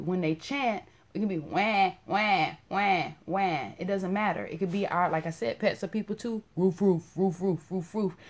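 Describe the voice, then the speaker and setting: A woman of middle pitch talks to her viewers, blunt and full of swearing. She teases and jokes, then slows down to repeat single words softly. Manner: blunt and profane, joking with viewers. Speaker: live-stream host. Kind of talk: casual spiritual talk to viewers.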